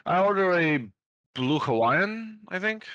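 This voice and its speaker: A man's voice: high voice, animated, unhurried, a bit bright, dry recording, lo-fi sound. Rambling young man telling a story. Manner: rambling, many fillers and restarts, swears casually. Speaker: podcast guest telling a story. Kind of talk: casual storytelling among friends.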